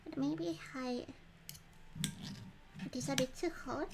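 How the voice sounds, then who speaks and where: A woman's voice: sits high, fairly even intonation, slow, noisy background. A woman livestreaming a story game, chatting casually with lots of ums and reading the text aloud. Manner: chatty, giggly, frequent ums. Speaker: streamer playing a story game.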